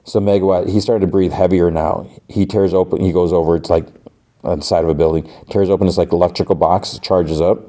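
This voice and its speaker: Man, podcast host, casual episode recap, very low voice, mellow, lots of "like" fillers. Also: steady tone, brisk. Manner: loose retelling full of "like" and "uh".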